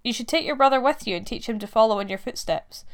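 A woman's voice: a little high, fast talker, smooth, close to an everyday voice. A woman doing a stern, imperious mother. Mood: suspicious. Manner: commanding, imperious.

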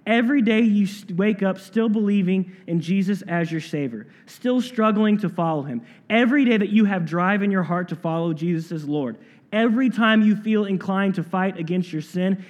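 Preaching man in a reverberant hall. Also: high voice. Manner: earnest preaching, slowing to stress key phrases. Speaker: pastor. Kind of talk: sermon.

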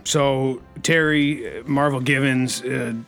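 Gravelly rambling comedy host, a man. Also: mid-range voice, fairly even intonation, slow pace, fairly bright tone, soft background music. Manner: anxious, rambling, says freaking constantly. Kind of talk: improvised comedy bit.

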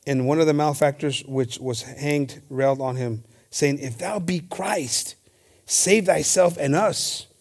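A man in the pulpit, moving between English and Spanish as he reads scripture and preaches. His voice sits a little higher than most men's, and he stumbles and restarts words as he goes, calling out "hermanos" again and again. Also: measured pace, a little mellow. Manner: stammers and restarts often. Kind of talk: bilingual sermon with scripture reading.

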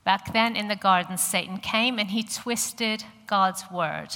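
An American woman in her fifties preaches with a bright, crisp voice. She talks in a chatty, earnest way and fills her pauses with many "ums". Her voice rings out in an echoey hall. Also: medium pitch. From USA. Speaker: church speaker. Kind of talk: sermon with personal stories.

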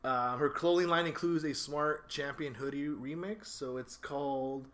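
A man hosting a casual talk podcast, ranting in an exasperated, animated way. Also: on the high side, normal speed. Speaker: podcast host. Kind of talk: casual opinionated chat.

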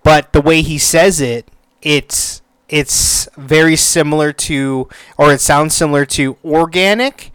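A man's voice: fairly high pitch, measured pace, a bit bright, smooth, dry recording. Rambling man hosting a casual podcast. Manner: rambling, many fillers and restarts, casual swearing. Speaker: podcast host. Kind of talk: casual solo podcast talk.

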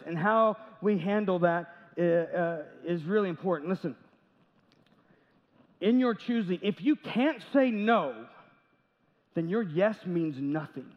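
A man's voice: high voice, lively intonation, a little slow. A man preaching a sermon as pastor, talking conversationally, with jokes and little acted-out quotes. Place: large church sanctuary. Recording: dull audio with long church reverb.

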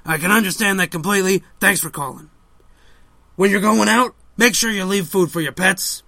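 A man doing an impression of an older male call-in radio host, slow and drawling, handing out random advice. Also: high voice, gravelly, bright, forceful tone, dry recording, heavily acted. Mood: droning. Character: older male talk-show host, rambling. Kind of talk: comedic impression sketch.

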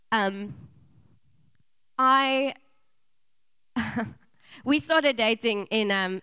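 A woman's voice: mid-range voice, clean tone, dry recording. Woman preacher asking rhetorical questions. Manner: rhetorical questions, personal storytelling with laughs. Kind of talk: sermon.

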